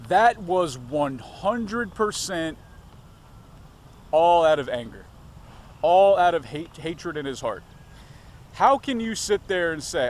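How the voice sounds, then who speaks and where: A man vlogging on a city street. He talks casually, curses constantly, rambles and keeps digressing. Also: fairly high pitch. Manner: profane, rambling, digresses often. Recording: faint street noise outdoors.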